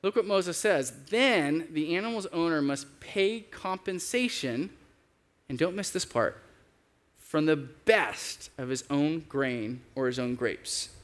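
A man's voice: on the high side, lively intonation. Earnest man preaching a sermon. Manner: earnest, varies pace, slows for emphasis. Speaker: pastor.

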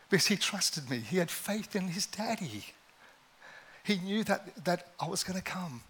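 A man's voice: high voice, lively intonation, moderate pace, a bit bright, breathy edge. A middle-aged man preaching a sermon in a conversational, self-deprecating way, telling personal stories and laughing often.

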